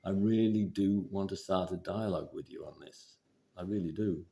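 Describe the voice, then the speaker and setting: A man giving relationship advice in a measured, deliberate instructional talk. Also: deep voice, gravelly. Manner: measured, deliberate, steady explaining.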